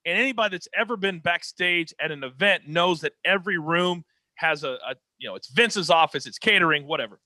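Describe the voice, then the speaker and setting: A man telling a dramatic story as an interview guest, energetic and expressive, on a close podcast mic. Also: a little high, brisk, dry recording. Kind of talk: animated storytelling.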